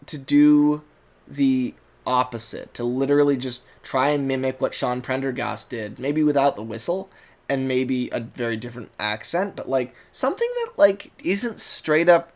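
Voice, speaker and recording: Reviewing a cartoon dub on YouTube, a General American-accented man talks at normal speed in a mid-range voice. His commentary is loose and rambling, with lots of fillers and false starts.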